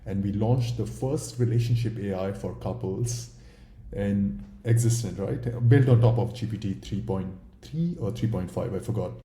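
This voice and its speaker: A man's voice: fairly low pitch, normal speed, dark tone, reverberant. A man with an Indian accent, a startup founder talking candidly and bluntly in a casual interview, with some swearing.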